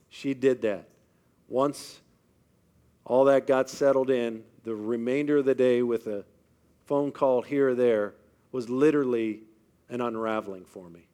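A man delivers a faith-based motivational talk before a live audience in a medium-pitched voice. He speaks with emphasis and frequently poses questions to the crowd.

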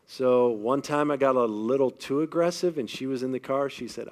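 A middle-aged male pastor at the pulpit, delivering a sermon in a storytelling manner. His pitch sits in an ordinary middle range. He drops to near-hushed tones, then swells to loud emphasis. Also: normal speed, few pauses. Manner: storytelling preacher, swinging between hushed and loud.

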